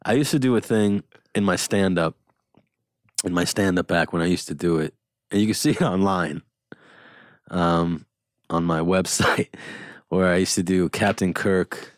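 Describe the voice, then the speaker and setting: A man with a lowish voice hosts a loose, rambling chat, tossing out jokes and swearing freely. His voice comes through close and completely dry, with no room sound around it. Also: measured pace, long pauses, no room sound. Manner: rambling, joking, frequent laughs and swearing. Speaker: podcast host. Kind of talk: casual chat.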